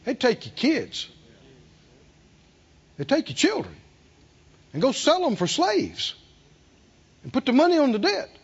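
A man preaching a sermon, animated, acting out the people he quotes and asking the congregation questions. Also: extremely high pitch, a little slow, pauses often, slightly rough. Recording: dull lo-fi sermon recording.

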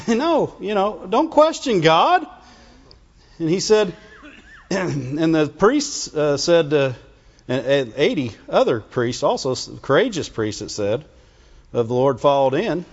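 A male preacher giving a conversational sermon, asking the congregation questions as he goes. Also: takes it slowly. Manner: conversational, asks the congregation questions, animated pitch jumps. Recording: dull lo-fi sound, long church reverb.

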